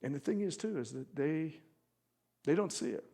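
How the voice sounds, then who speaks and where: Impassioned male preacher, fairly high voice. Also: expressive, moderate pace, creaky. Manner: swings from loud emphatic appeals to quiet intimate asides; acts out quoted speech with strong feeling. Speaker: pastor. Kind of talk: sermon.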